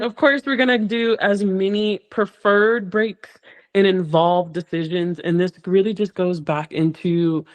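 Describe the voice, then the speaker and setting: Male presenter, slightly high pitch, steady explanatory delivery with small restarts. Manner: explains step by step, repeats words while searching for phrasing. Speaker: presenter on child behavior. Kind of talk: educational talk.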